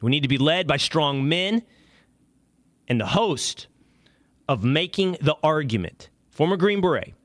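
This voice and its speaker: A male show host delivering a sarcastic, animated opinion monologue. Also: fairly high pitch, unhurried, long pauses, dry recording.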